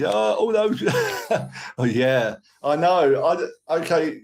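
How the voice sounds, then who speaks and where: Older Cockney man, chatty live-stream host, a touch high-pitched, rambling. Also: noisy background. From London. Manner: chatty, rambling, thanks viewers for gifts. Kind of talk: casual live-stream chat with viewers.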